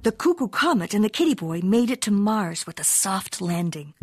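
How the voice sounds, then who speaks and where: A woman's voice: medium pitch, big pitch swings, moderate pace, hardly any pauses, darkish tone, slightly rough. A woman reading a children's storybook aloud in a playful, rhythmic, sing-song way. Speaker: narrator.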